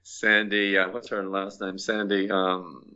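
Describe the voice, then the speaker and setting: Older man, low bright voice, chuckling. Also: flat delivery, measured pace, smooth. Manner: chatty, laughing often, drops French words. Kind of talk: casual reminiscing conversation. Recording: dull lo-fi recording.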